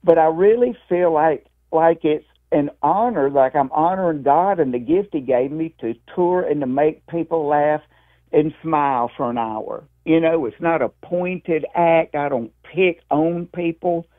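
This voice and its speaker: A comedian from Mississippi in his sixties with a Southern accent, telling stories in a lively, folksy way during an interview. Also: on the high side, a little slow. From Mississippi, USA. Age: 60s. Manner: lively storyteller, calls the host "man" and "dude". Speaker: stand-up comedian guest. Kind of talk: interview over the phone. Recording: tinny phone line.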